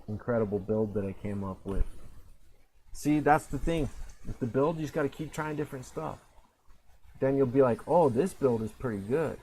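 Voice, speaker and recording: A man's voice: mid-range voice, mellow, a little hiss or hum, low-quality recording. Rambling man commentating a game. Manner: rambling, self-mocking, frequent fillers and restarts. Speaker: gameplay commentator. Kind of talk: casual gameplay commentary.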